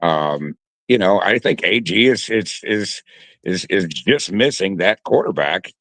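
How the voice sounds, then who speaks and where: A man's voice: low-pitched, animated, measured pace, a bit bright, no room sound. A man co-hosting a sports talk show, talking casually and hesitantly with frequent restarts. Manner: hesitant, many restarts and fillers.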